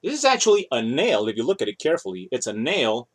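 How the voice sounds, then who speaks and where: A man's voice: mid-range voice, huge pitch swings, fast. A man in his thirties rambling casually in a show-and-tell vlog, showing off his toys and often correcting himself mid-sentence. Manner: rambling, chatty, self-correcting. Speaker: toy collector vlogger.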